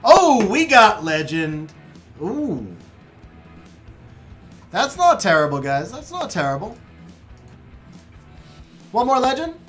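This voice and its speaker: A man's voice: high voice, big pitch swings, slow, long pauses, fairly bright tone, soft background music. A young adult man streaming a game live, reading out chat messages in a laid-back way, chuckling often and calling viewers bro.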